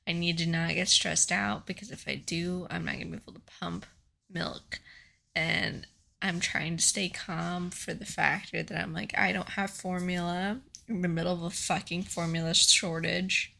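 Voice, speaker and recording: A young adult woman co-hosting a podcast, telling a story in an emotional, animated way. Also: on the low side, moderate pace, vocal fry. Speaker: podcast co-host. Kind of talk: casual chat.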